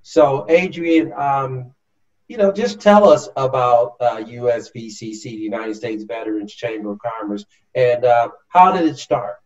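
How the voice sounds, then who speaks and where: A man hosting an interview, warmly effusive and repetitive, often restarting his phrases. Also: mid-range voice, measured pace. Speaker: host. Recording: slightly dull lo-fi audio.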